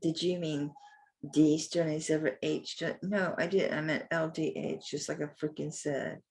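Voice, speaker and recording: Husky older woman with a drawl. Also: low-pitched, level tone, normal speed, a little mellow. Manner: rambling, talks to herself, mild cursing. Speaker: jewelry seller. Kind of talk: live sale, chatty self-talk while looking up items.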